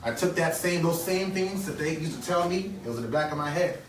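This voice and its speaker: A man's voice: a little high, animated, brisk, slight background noise. Earnest man giving a motivational speech. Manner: earnest, repeats key phrases, call-and-response questions. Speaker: motivational speaker. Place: conference hall. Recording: echoey hall, distant mic, faint ambience.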